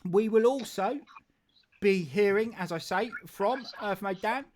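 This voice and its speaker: A man's voice: high-pitched, a little slow, a little mellow, slight background noise. A man hosting a casual football live stream, rambling and jokey with frequent restarts. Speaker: football show host.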